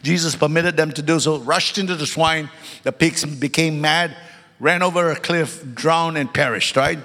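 High-voiced preacher in an echoing church. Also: male voice, normal speed, pushed and bright. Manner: emphatic, repeats key words, calls to the congregation; joking asides. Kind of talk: sermon. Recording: long hall reverb.

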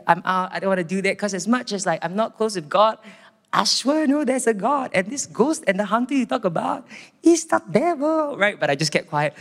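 A man with a Singaporean English accent giving a sermon testimony, telling his story with animation and acting out the voices. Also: high voice. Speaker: preacher. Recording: long hall reverb.

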